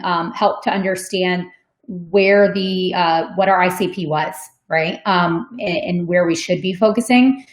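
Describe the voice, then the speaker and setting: In an echoey room, a sales development manager with a lowish voice answers questions during a webinar, explaining things casually. She's chatty and conversational, says "um" and "like" a lot, and laughs easily.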